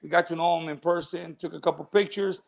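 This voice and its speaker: A man's voice: a little high, steady tone, fast talker, gravelly. A man who co-hosts a podcast as a boxing coach, talking in an easygoing way with many "you know" fillers. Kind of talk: casual podcast chat.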